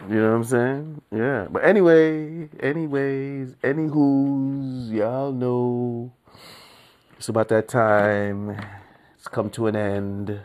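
A man's voice: medium pitch, steady tone, slow, darkish tone. A man hosting a solo podcast in casual, profane street slang, laughing between lines. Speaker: podcast host.

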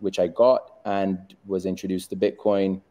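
A middle-aged man with a Barbadian accent that leans toward a British-American mix, answering interview questions in a measured, reflective way. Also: sits low, level tone, dark tone. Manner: measured and reflective, with frequent ums. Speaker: guest, tech entrepreneur. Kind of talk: interview conversation.

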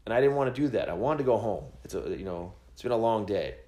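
A man casually telling a rambling, profane road-trip story, quoting friends with animated voices. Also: lowish voice, quick pace, reverberant. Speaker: podcast host telling a story.

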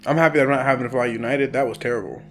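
A man's voice: medium pitch, fairly even intonation, rapid-fire. A young man chatting casually, laid-back and slangy, laughing often as he tells stories. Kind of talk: casual chat.

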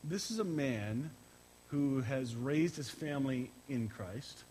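Middle-aged male pastor, halting, emotional, personal sermon delivery to a church audience, average pitch. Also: lively intonation, warm tone, slight background noise, low-quality recording. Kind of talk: conversational sermon with opening prayer. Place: church service, streamed live.

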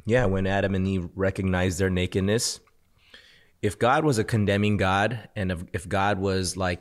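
Low-voiced man musing over a meal. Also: steady tone, normal speed. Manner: reflective, thinks aloud with restarts and laughs. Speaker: podcast co-host. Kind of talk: casual faith conversation. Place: indoor studio at a shared meal.

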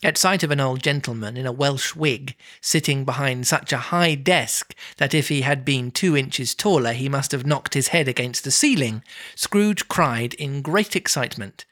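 A narrator reading a classic story aloud in a measured, expressive way. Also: mid-range voice. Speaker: reader.

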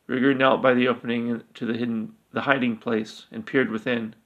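A man narrating a fantasy story aloud in a steady, even manner. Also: mid-range voice, fairly quick, few pauses.

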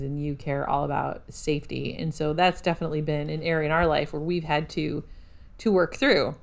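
Low-voiced chatty woman podcaster. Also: fairly even intonation, a little fast, creaky. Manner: chatty, self-deprecating, sarcastic asides. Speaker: podcast co-host. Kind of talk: casual chat.

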